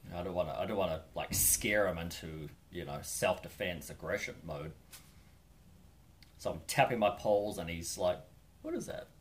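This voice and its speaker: A man's voice: low-pitched, normal speed. A New Zealand man telling a laid-back, rambling, wry story from his long-distance hike. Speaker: hiker vlogger. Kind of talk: casual storytelling.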